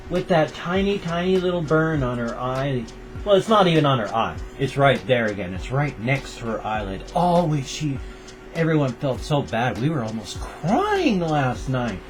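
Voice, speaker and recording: An older American man rambling in a casual daily vlog, tender and repetitive as he talks about his pets. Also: medium pitch. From United States. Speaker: vlogger.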